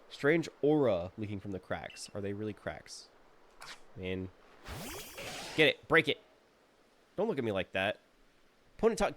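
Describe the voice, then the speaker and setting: Joking man streaming a game. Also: medium pitch. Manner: chatty, joking, talks to the game characters. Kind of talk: casual gameplay commentary.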